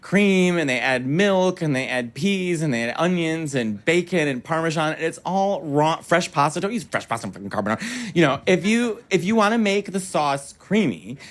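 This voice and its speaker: A man doing a stand-up comedy set in a club, telling stories in an animated, theatrical way with sudden bursts of excitement. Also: on the high side, normal speed.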